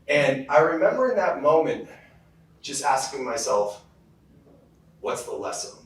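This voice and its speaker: A man from California gives a casual motivational keynote, rambling through stories with easy fillers at a mid-range pitch. He stands well back from the microphone, so his voice arrives distant. The big hall around him rings with heavy echo, and a faint hiss of room noise sits underneath. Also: fairly bright tone. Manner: casual storytelling with many fillers. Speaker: keynote speaker. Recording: very echoey hall, heard from far off.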